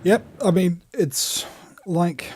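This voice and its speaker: A man's voice: high-pitched, slow pace, darkish tone, a little hiss or hum. A man hosting an interview, making wry joking asides. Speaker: show host. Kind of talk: casual interview talk.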